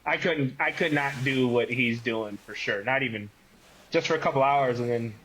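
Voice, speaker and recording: Man, podcast guest, animated storytelling, tense bright voice, many fillers. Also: mid-range voice, normal speed, slightly rough, poor audio. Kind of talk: casual conversation, storytelling.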